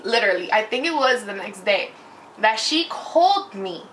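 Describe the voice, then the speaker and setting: A woman in her twenties telling a personal story in a casual vlog, animated and loud. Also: medium pitch, moderate pace, slight background noise.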